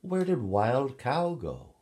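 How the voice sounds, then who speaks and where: A man's voice: mid-range voice, huge pitch swings, a little mellow, voice pushed up. A man voicing a proud, sly storybook cat. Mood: proud, pleading. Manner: pleading then haughty, raised and quickened.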